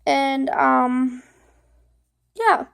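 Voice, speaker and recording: A woman's voice: high voice, very slow, gravelly. A young woman vlogger telling a personal story to the camera, rambling with many fillers and emotional, holding back tears.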